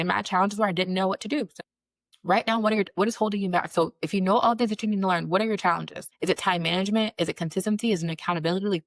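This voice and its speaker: A woman's voice: fairly low pitch, dry recording. A woman in her thirties, a career coach hosting her own show, talking earnestly and repeating phrases for emphasis. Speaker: career coach and podcast host. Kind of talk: motivational solo talk.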